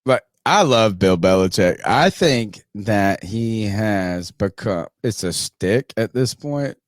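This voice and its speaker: A man co-hosts a sports podcast in loose, profane banter, cracking jokes as he goes. His voice sits low but swings widely in pitch. The recording is dry and close. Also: slow, no room sound. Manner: animated, profane, joking. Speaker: podcast host. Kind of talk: casual sports chat.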